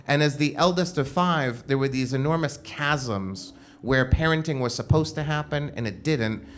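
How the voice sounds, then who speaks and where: Man, live stage storyteller, mid-pitched voice, conversational comic timing, stage mic. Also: normal speed, a bit bright, slight background noise. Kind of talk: live first-person storytelling. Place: live show at a club venue.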